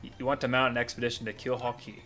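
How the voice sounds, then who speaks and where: A man streaming a game reads its dialogue aloud at an ordinary middle pitch. He gives the lines a light dramatic lilt and corrects himself when he trips over a word. Faint game music plays behind him. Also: flat delivery, racing, bright, forceful tone. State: coughing at times. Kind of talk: casual reading of game text aloud.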